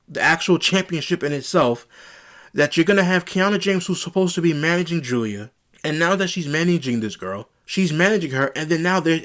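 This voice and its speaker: A man's voice: on the high side, fairly bright tone. A man reviewing a wrestling show on his own channel, ranting in an exasperated way and repeating rhetorical questions. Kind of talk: opinionated solo review rant.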